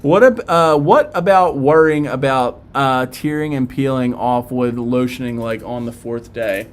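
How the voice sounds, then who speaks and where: A man's voice: medium pitch, a little slow. A man with a Philadelphia accent hosting a casual live stream, chatting and reading viewer comments aloud with plenty of fillers.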